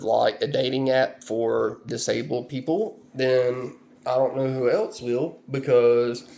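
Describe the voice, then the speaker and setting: A man rambling in a relaxed, unhurried way, his voice gravelly with vocal fry. He talks to his viewers at a slow, easygoing pace, with plenty of fillers. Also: mid-range voice. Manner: rambling, laid-back, full of fillers. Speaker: vlogger. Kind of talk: casual chat.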